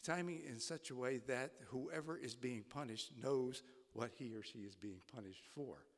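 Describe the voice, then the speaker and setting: Halting former professor in an echoing church. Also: male voice, mid-range voice. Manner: halting, with many restarts. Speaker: retired college faculty. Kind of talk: live storytelling talk. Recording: long reverb in a church.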